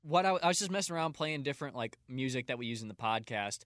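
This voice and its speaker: A man's voice: mid-range voice, lively intonation, fast talker, fairly bright tone, no echo, clean studio sound. A man co-hosting a comedy podcast, casually setting up the bit with hesitant fillers. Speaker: podcast co-host.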